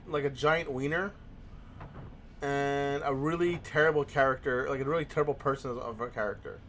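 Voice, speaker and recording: A man's voice: mid-range voice, steady tone, moderate pace, a bit bright, slight background noise. A young man hosting a let's play, chatting in a rambling, casual way with frequent restarts. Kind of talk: casual gaming commentary.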